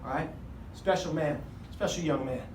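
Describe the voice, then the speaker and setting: A man with a high voice tells a funny personal story to a live crowd, acting out the people in it with big swings in loudness. The sound is roomy and echoey, with the mic set some way off and a clear hum of background noise underneath. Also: normal speed, distant mic. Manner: animated comic storyteller, shouts voices of others. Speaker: speaker. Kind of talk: storytelling talk to an audience.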